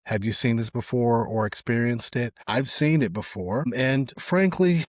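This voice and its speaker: A middle-aged man hosting a solo podcast, giving casual, opinionated commentary on social media posts. His voice often drops away quietly at the end of phrases. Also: medium pitch, a little slow, few pauses, no room sound, clean studio sound. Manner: conversational, opinionated, trails off quietly at phrase ends. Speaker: podcast host.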